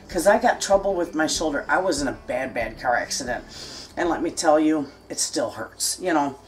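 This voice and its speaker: Home-cooking vlogger: folksy middle-aged woman, lowish voice, loose kitchen chat, mic at a distance. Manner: folksy, chatty, talks straight to viewers as friends.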